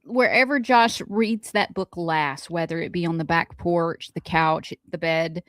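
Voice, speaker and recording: A woman co-hosting a morning radio show, playful and quick to laugh. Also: lowish voice, fairly bright tone, no room sound, clean studio sound. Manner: giggly, playful, chatty. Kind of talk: casual radio banter.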